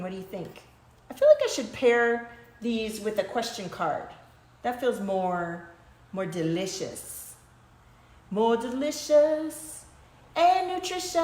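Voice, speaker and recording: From her small home studio, a woman hosts a casual spiritual livestream, pulling oracle cards for viewers and chatting loosely, occasionally breaking into chanted light-language syllables. Her voice is medium in pitch with a roomy sound.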